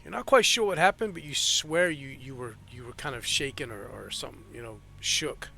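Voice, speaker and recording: A man's voice: mid-range voice, fairly quick, vocal fry, bright, forceful tone, slight background noise. A man narrating as game master of a tabletop game, rambling with fillers and restarts.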